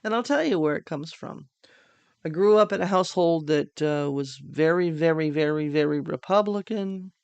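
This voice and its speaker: A woman's voice: sits low, moderate pace, a little mellow, clean tone, no echo, highs cut off. An older woman hosting a casual political monologue, chatty and joking, sounding tired late at night. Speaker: podcast host.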